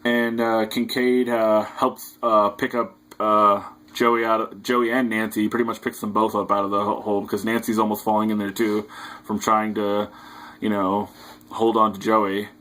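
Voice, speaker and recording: A man's voice: fairly low pitch, little pitch movement, normal speed, pushed and bright, rough recording. A young man casually recapping a film plot as a reviewer, hesitant and loose with lots of fillers. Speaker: movie reviewer.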